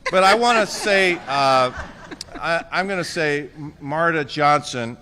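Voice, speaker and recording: A man's voice: fairly high pitch, measured pace, in a large hall, noisy background. A man giving a concession speech as outgoing mayor. He jokes and thanks people by name with affection.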